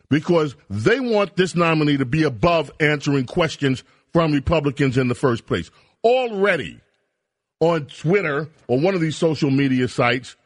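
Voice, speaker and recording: A man's voice: on the high side, no room sound, clean studio sound. Heated talk radio host, man. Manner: heated, ranting, emphatic. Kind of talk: political talk radio monologue. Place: radio studio. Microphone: studio microphone.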